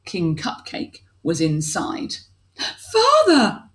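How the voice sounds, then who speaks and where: A woman teacher reads a picture book aloud to a class of small children. Her voice moves up and down a lot at an unhurried pace, and she stops to ask the children questions. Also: lowish voice, lively intonation.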